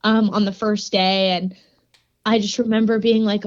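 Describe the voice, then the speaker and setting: A woman's voice: a little high, slow pace, pauses often, no echo, muffled recording. A young woman guest telling a story in a casual, giggly way, full of "like". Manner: giggly, animated, says "like" a lot. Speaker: podcast guest, grappler.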